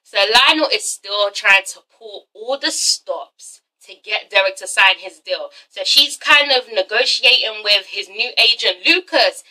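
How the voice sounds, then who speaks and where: A woman's voice: mid-range voice, unhurried, hardly any pauses, pushed and bright, rough recording. A young woman casually recapping a TV episode, sassy and profane, ending lines with "okay?". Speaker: TV episode reviewer.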